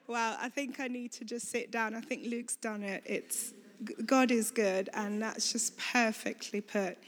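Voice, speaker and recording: A woman's voice: on the high side, fairly even intonation, a little slow. A woman giving a heartfelt personal testimony on prayer in church, drawing out her emphatic phrases. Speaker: church speaker sharing testimony. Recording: long hall reverb.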